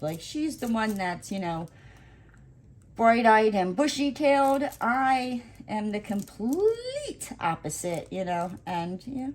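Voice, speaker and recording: A woman chatting casually while she crafts, rambling through an animated story full of "like" and acted-out dialogue. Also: medium pitch. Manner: acts out quoted dialogue. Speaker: crafting vlogger. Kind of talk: casual chat while diamond painting.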